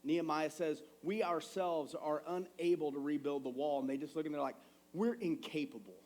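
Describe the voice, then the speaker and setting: A man in his thirties delivers a sermon in a church with a slightly higher-than-usual voice. He talks in a casual, animated way, slipping into quick stories about his kids. His tone stays conversational rather than formal. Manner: conversational, animated storytelling with acted quotes. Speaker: pastor. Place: church sanctuary.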